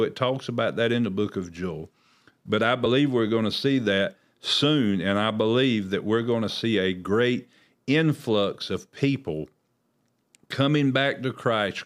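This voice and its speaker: A man talking through Bible passages in an earnest, preacher-like way, raising his voice to stress quoted scripture. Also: fairly low pitch. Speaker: host. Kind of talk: casual Bible discussion.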